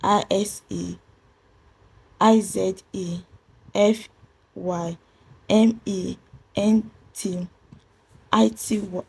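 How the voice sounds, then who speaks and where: A woman with a Nigerian English accent teaches a pronunciation lesson in a methodical way, spelling words out letter by letter and repeating her main points. Her voice is gravelly and husky, with a dark, mellow tone. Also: mid-range voice, steady tone, very slow, long pauses. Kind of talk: classroom-style pronunciation lesson.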